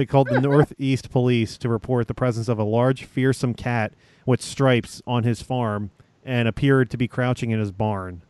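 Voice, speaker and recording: A man hosting a casual podcast, reading out odd news stories with frequent pauses. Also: medium pitch, steady tone, darkish tone, no echo. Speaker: news-story host.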